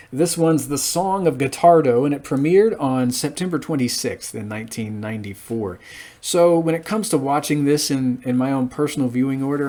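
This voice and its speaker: A man in his late thirties giving a casual solo episode review, chatting through the plot with frequent pauses and restarts. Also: mid-range voice, a little mellow.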